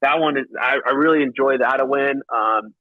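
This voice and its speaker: A man calls in to chat, his voice dull and lo-fi as if over a remote line, with the room around him very dry. He tells stories with lively energy, stumbling and restarting, and jumps up in pitch to act out what others said. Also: a little fast, no echo. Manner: animated, acts out quotes with pitch jumps and frequent restarts. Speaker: podcast guest, professional paintball player. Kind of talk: casual storytelling chat. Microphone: remote call line.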